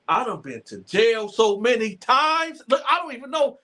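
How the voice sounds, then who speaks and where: A man with a high, bright voice talks to his viewers in a loose, animated storytelling style. He stumbles and restarts his phrases and repeats lines for emphasis. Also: normal speed. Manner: animated, repetitive, stammering restarts. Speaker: show host. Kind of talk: casual storytelling monologue.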